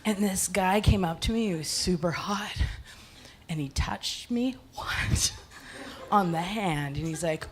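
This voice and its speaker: A woman doing a stand-up comedy set on a club stage, telling an animated story and acting out other people's voices. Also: fairly low pitch, measured pace. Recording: noisy live recording.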